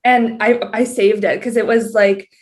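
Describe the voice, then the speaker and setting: A woman's voice: a little high, fairly even intonation, unhurried. A young Canadian woman with a Canadian accent, a guest on a casual podcast, talking openly and laughing often. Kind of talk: casual interview chat.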